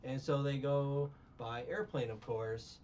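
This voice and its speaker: A man's voice: mid-range voice, slow, a little mellow. A man in casual chat recapping a film, rambling with restarts and incredulous rants. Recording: lo-fi with faint hiss.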